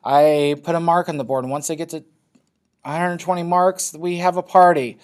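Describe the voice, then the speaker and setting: A man's voice: a little high, steady tone, moderate pace, clean tone. A man teaching a class in a loose, conversational lecture, often checking in with his students. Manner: loose, checks in with frequent "okay?".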